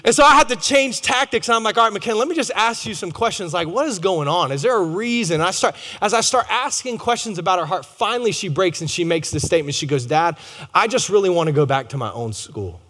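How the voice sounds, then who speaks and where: A man's voice: sits high, animated, quick pace, few pauses, bright, forceful tone. A man, preaching a sermon in a conversational, humorous way and talking straight to the crowd. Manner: conversational and humorous, addresses audience directly. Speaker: pastor. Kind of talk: storytelling sermon. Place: large chapel. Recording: long hall reverb.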